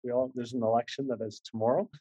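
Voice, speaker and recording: A man's voice: mid-range voice, fairly even intonation, fast, dark tone, dull audio. A man preaching a sermon in a conversational way, earnest and repetitive, often restarting his sentences. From Canada. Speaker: visiting preacher.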